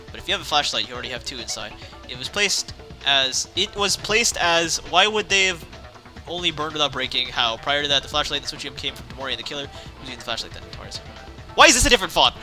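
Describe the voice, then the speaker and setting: A young man hosting a let's play reads a visual novel's text aloud as he casually plays through it, rambling, correcting himself, and laughing often. His mid-range voice races along, with music in the background.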